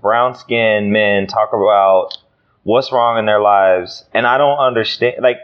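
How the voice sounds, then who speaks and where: A man with a low voice hosts a podcast conversation, asking questions thoughtfully and with many restarts. The audio is a little dull and muffled. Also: a little slow. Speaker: podcast host.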